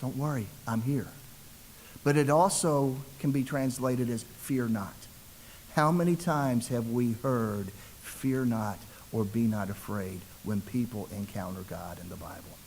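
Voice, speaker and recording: A man's voice: mid-range voice, darkish tone, slight background noise, low-quality recording. A man preaching a sermon as a ruling elder, telling the story conversationally and acting out the voices in quotes.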